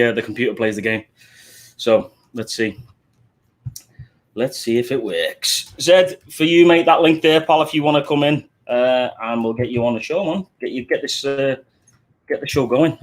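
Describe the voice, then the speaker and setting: A man's voice: medium pitch, moderate pace. A middle-aged man with a Liverpool accent hosts a live stream in a casual, chatty way, greeting viewers one by one as mate and buddy into a desk microphone. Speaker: livestream host.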